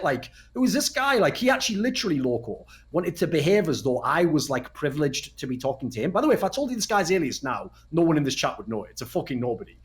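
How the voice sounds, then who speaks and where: A man speaking as a guest in a casual podcast chat, blunt and profane, telling animated stories. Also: a little high, fast talker. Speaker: podcast guest, retired pro gamer.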